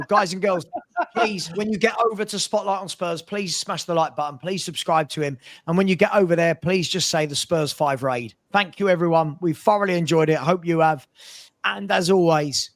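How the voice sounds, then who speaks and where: A man hosting a casual fan podcast, rattling off upbeat thank-yous and shout-outs. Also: high-pitched, normal speed, no echo. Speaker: host.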